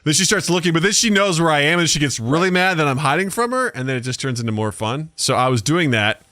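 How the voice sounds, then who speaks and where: Bright-voiced man chatting on a podcast. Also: a little high, fast, dry recording, studio quality. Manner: animated storyteller, acts out voices. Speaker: podcast co-host. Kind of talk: casual chat.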